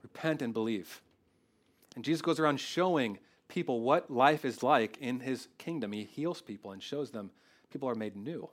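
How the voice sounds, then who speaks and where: A man's voice: mid-range voice, moderate pace. A man preaching a sermon, earnest and conversational, often restarting his phrases and growing emotional. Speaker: pastor.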